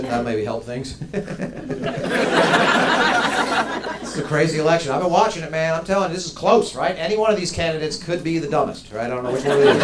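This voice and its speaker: Lively man doing stand-up in an echoey club. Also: a little high. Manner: lively, laughs at own jokes. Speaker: stand-up comedian. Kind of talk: stand-up set. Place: comedy club stage before a laughing crowd. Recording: echoey club, loud crowd and noise.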